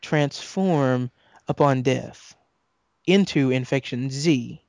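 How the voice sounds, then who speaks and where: Halting man in casual chat. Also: medium pitch, vocal fry, a little mellow, dry recording. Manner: halting, restarts sentences, laughs often. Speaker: podcast co-host.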